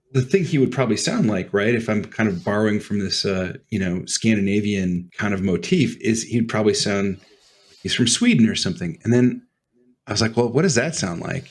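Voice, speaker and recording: A man co-hosting a podcast, telling game stories in a relaxed chatty way. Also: lowish voice, breathy edge. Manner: relaxed, storytelling with laughs. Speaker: podcast co-host. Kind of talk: casual chat.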